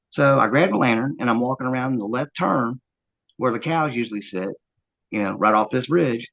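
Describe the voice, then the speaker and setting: A man earnestly recounting a first-hand encounter, halting often with fillers as he tells it. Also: medium pitch, expressive, vocal fry, a bit bright, muffled recording. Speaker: eyewitness interviewee.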